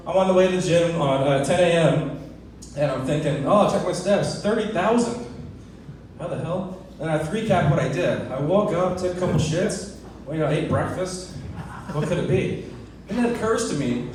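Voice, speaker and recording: A man's voice: a little high, darkish tone, heavy reverb, recorded from a distance, slight background noise. Crude rambling young man doing stand-up. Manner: crude, rambling storytelling with self-deprecating jokes. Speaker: stand-up comedian. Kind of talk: open mic stand-up set. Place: comedy club stage.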